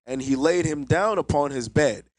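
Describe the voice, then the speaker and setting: A man's voice: a little high, moderate pace, dry recording, low-quality recording. Man reading scripture, dry sound. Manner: steady, formal reading. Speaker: scripture reader. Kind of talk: reading Bible verses aloud.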